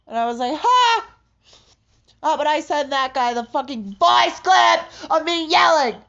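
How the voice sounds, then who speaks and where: A woman in a raw confessional monologue, distraught and halting, swearing heavily and breaking into shaky laughter. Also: high-pitched, creaky, fairly bright tone. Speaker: vlogger. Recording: dull lo-fi audio.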